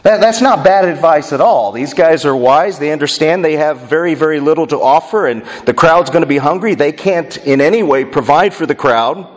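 Male pastor, sermon, somewhat high voice, long hall reverb, slows and drops quiet for emphasis. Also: expressive. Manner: expository, drops low and quiet on key words, slows for emphasis.

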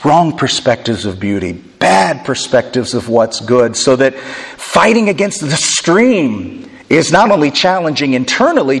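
Middle-aged man, pastor preaching; earnest, self-deprecating, deliberate emphasis; reverberant church hall. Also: fairly high pitch, slightly rough. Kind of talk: sermon. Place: church sanctuary.

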